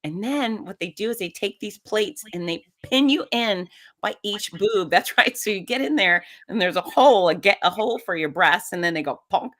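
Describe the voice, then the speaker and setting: A middle-aged woman appearing as a podcast guest shares a personal story in conversation, her mid-range voice at a moderate pace. She's animated and acts out the voices of the people she quotes.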